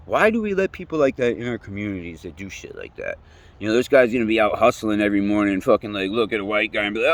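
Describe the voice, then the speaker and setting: A man's voice: lowish voice, animated, quick pace. A young man telling his own story in a casual rant, swearing often, repeating himself and trailing off mid-sentence. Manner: profane, rambling, repeats himself.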